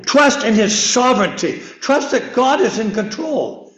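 A man's voice: very high-pitched, expressive, unhurried, fairly bright tone. An older man preaching a sermon in a chapel, rambling and repeating words, laughing at himself as he goes. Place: church chapel. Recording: echoey room.

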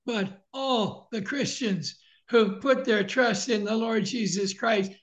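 A man preaching a sermon in short measured sections, pausing for an interpreter. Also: high voice, a bit bright. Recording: dull lo-fi recording.

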